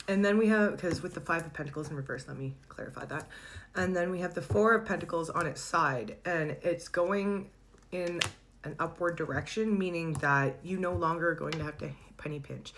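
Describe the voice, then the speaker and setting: Woman, low voice, casual tarot reader, chatty, laughs a lot. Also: moderate pace, slight background noise. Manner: chatty, warm-hearted, laughs often, searches for words.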